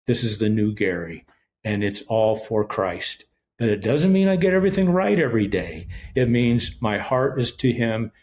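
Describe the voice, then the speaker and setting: A man's voice: lowish voice, very animated, normal speed, a little mellow. A middle-aged man, a ministry leader and interview guest, earnestly telling his personal testimony and acting out the dialogue as he goes. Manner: earnest storyteller, retells events with quoted dialogue.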